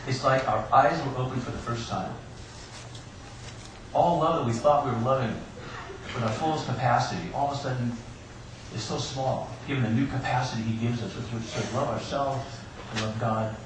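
A man's voice: medium pitch, fairly quick. A man preaching an Easter sermon, telling personal stories with joking asides. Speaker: pastor. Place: church sanctuary. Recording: echoey church room, distant mic, background hiss.

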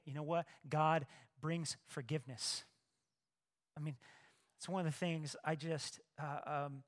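A male pastor preaching a sermon, lively, swinging between hushed asides and loud emphatic bursts. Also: a little high.

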